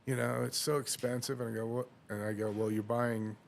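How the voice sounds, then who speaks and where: A man's voice: medium pitch, little pitch movement, brisk, creaky, slight background noise. A man on a podcast telling a long anecdote in casual chat, acting out dialogue and laughing often. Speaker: podcast host.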